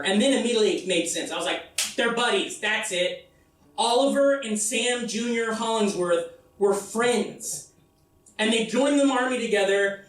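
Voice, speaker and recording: A man performing a solo comedy show, telling a rambling, incredulous story full of swearing. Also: extremely high pitch. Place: festival theater stage. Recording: echoey room from far off.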